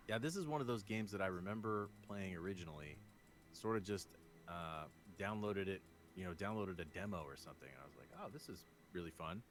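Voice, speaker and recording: A deep-voiced American man talks at normal speed while guesting on a game stream, joking and chatting casually as he plays. Game music runs underneath, along with slight background noise.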